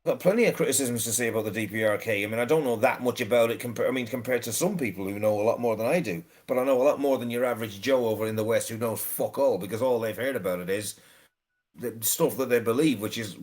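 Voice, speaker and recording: A man's voice: mid-range voice, quick pace. A man in casual podcast chat, ranting, swearing freely and stumbling over repeated words.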